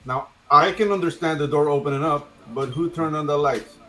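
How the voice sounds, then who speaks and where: Bright, earnest man telling a spooky story. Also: a little high, fairly quick. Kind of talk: casual panel chat.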